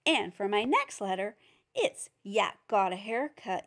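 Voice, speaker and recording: A woman's voice: medium pitch, very animated, measured pace. A woman giving a phonics lesson for teachers and parents, patiently sounding out each letter. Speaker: reading teacher.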